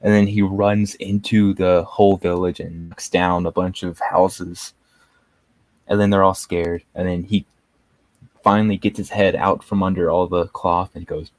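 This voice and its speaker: Slow, low-voiced man mocking a show. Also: dry recording. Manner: mocking, rambling, heavy on filler words. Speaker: show host reviewing a series. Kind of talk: live show review, casual rant.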